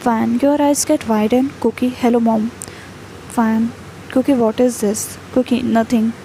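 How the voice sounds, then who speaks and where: A woman reading a fan fiction chat story aloud. She speaks each speaker name and stage cue in the same even, unvaried tone. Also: fairly high pitch, measured pace, a little hiss or hum, rough recording.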